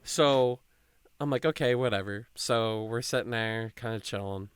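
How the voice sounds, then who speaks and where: A man's voice: mid-range voice, normal speed, clear, resonant tone, dry recording. A young man from hosting a podcast, telling a long rambling story in casual chat and acting out the people in it. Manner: rambling, animated, acts out quoted people. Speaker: podcast host.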